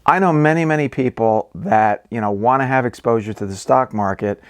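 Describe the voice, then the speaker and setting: A man's voice: medium pitch, fairly quick, no room sound. Man explaining investing in a dry room. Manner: conversational, many ums and okays. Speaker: investing channel host. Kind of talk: casual explainer talk.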